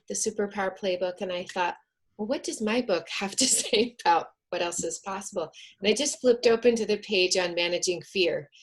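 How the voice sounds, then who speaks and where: A woman on a video call, talking earnestly and then coaching a group through slow counted breathing. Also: mid-range voice, a little hiss or hum. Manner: soft, earnest, counts slowly. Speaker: wellness speaker.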